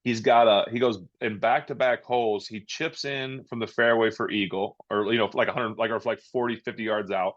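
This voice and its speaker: Low-voiced man rambling on a lo-fi line. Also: steady tone. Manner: rambling, halting, many restarts and fillers. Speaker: podcast guest. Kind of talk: casual interview chat.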